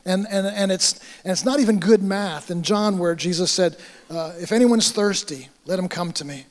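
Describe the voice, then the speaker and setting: A high-pitched American man preaches a sermon, acting out the conversations in his story with animated energy. His voice rings through a church hall with a long reverb trail. He is a pastor speaking to his congregation. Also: moderate pace. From United States.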